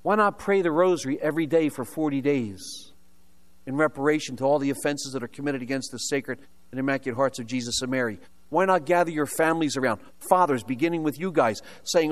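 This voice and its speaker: A man's voice: fairly high pitch, a little fast. An older American man preaching a sermon, telling his own story with humorous asides and rhetorical questions. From United States. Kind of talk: sermon with personal testimony.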